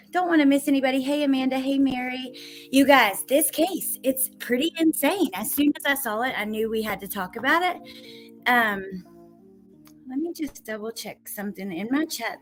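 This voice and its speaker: A woman with a fairly high voice hosts a casual livestream from home, chatting loosely into her computer mic and greeting viewers one by one. Light laughs break into her easygoing talk. Faint music plays quietly behind her. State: a little out of breath. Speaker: true crime livestream host. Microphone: computer mic at desk.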